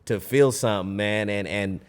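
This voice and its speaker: A man's voice: lowish voice, normal speed, smooth. Comedian guest, easygoing male storyteller, reverb-heavy room. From Fresno, California. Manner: laid-back storytelling, acts out voices, laughs often. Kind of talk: casual podcast chat.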